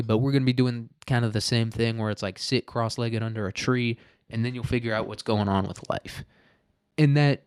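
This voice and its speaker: A man's voice: mid-range voice, clean tone, no echo, studio quality. A man hosting a podcast, talking through his topic in a rambling, joking way and swearing freely. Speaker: podcast host. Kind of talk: casual podcast monologue.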